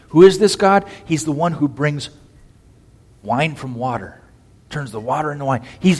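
A man preaching a sermon as pastor, swinging from loud, emphatic bursts down to quiet, low phrases. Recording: long hall reverb.

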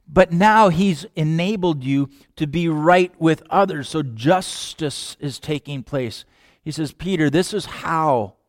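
A man preaching a sermon with passion, dropping to hushed lines and then rising loud. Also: fairly high pitch, dry recording, clean studio sound. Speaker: pastor.

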